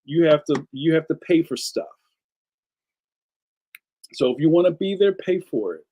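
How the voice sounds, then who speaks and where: A middle-aged man hosting a casual live stream, ranting in an animated way and reading viewer comments aloud. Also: fairly high pitch, a little slow, slight background noise, low-quality recording. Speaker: live stream host, cartoonist.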